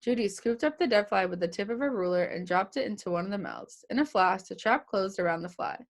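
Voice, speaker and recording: A woman's voice: mid-range voice, a little fast. A young woman reading a children's chapter book aloud to kids, giving each character their own voice. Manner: lively, puts on voices for the characters.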